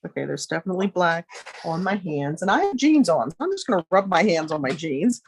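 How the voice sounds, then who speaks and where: Her voice on the low side and free of echo, a middle-aged woman casually demonstrates a craft from her home studio, chatting, making friendly asides and thinking aloud as she goes.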